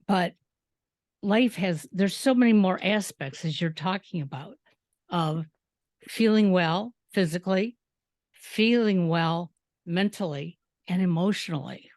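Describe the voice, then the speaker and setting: A woman's voice: on the low side, unhurried, darkish tone, no room sound. A woman hosting a podcast interview, telling stories from her own work and acting out the dialogue as she goes. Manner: storytelling, acts out dialogue. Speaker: podcast host. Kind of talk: casual interview chat.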